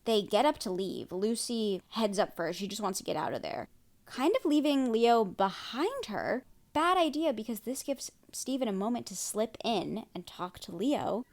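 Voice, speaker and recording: A woman hosting a podcast, recapping a TV episode in casual chat, reacting excitedly with lots of fillers. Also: on the high side, normal speed. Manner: excitable, reacts loudly with gasps and exclamations; chatty, many "like" and "um" fillers. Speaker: podcast host.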